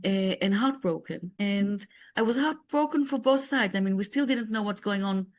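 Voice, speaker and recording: An Israeli woman who is a peace activist speaks as a guest in a casual podcast conversation. Her voice is mid-range at a moderate pace, and she talks earnestly, searching for words and often restarting.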